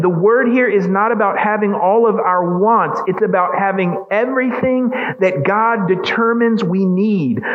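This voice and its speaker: A man's voice: high voice, dull audio. A man preaching a sermon as pastor, emphatic and asking the congregation questions.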